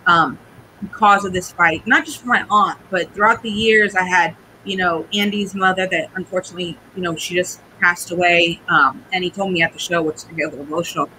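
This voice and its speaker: A woman in her forties tells a family story as a guest, her bright, tense voice rambling and halting. She trails off at points and sounds close to tears. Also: on the low side, steady tone, slight background noise, poor audio. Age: 40s. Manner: rambling, halting, tearful at times. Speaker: guest, cigar business owner. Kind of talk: emotional personal storytelling.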